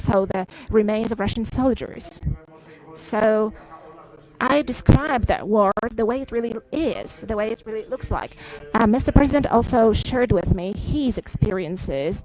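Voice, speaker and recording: A woman giving a live interpretation of a formal press briefing, halting often with filler sounds and restarts. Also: mid-range voice, a little mellow, faint music behind, low-quality recording.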